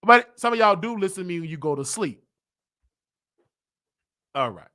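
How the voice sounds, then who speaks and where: Loud and teasing, the Southern US host carries on his comedic live-stream rant at a moderate pace, his high voice animated. He keeps bursting into laughter and mock voices.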